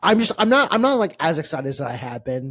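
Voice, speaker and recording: A man co-hosting a casual sports podcast, talking in quick, rambling bursts and swearing casually. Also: fairly high pitch, very animated, fairly bright tone. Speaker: podcast co-host. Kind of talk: casual chat.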